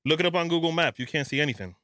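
A man's voice: fairly high pitch, expressive, racing, a crowd in the background. A man co-hosting a podcast in casual chat, speaking in an insistent, conspiratorial way. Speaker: podcast co-host.

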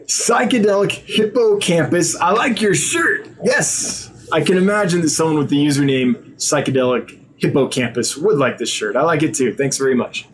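Tired, slightly high-voiced man. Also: moderate pace, few pauses, a little hiss or hum. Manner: reads usernames aloud, chatty, stumbles over words. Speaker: live-stream host reading viewer chat. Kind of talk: casual live-stream chat.

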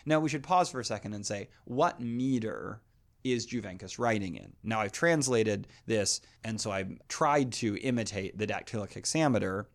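A man's voice: on the low side, normal speed, creaky. A man hosting a poetry podcast, lecturing thoughtfully and reading translated verse aloud. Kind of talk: spoken lecture on classical poetry.

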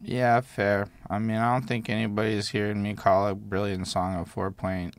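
A man reviewing songs in a casual chat, talking in animated slang and swearing freely. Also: fairly low pitch, normal speed, no echo. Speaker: music reviewer.

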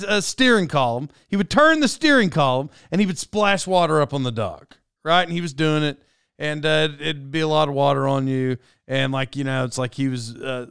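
Clear-voiced man rambling through a funny story. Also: mid-range voice, a bit bright, no room sound, studio quality. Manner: rambling and self-mocking, with frequent fillers and chuckles. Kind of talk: casual personal anecdote.

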